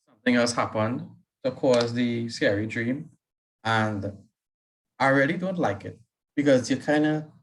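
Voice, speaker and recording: A man teaching, reading a student's story aloud with deliberate pauses and stopping to give writing feedback. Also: mid-range voice, fairly bright tone, rough recording. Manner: reads slowly with deliberate pauses, then comments briskly.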